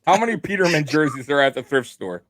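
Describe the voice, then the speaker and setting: A man's voice: a little high, expressive, quick pace, a bit bright, dry recording. A man co-hosting a casual sports podcast, laughing and teasing as he talks. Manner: laughs often, teasing, swears. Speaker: podcast co-host. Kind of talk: casual chat.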